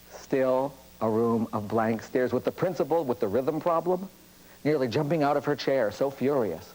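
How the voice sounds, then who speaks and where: A man's voice: medium pitch, expressive, normal speed, a little mellow, low-quality recording. A priest giving a storytelling lecture on communication, acting out the people in his anecdotes. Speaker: priest and speaker on cross-cultural communication.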